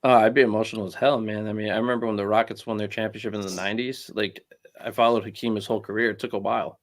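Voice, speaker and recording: A man's voice: fairly low pitch, level tone, rapid-fire. A man co-hosting a casual sports chat, rambling and filling his talk with "like" and "bro". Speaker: podcast co-host.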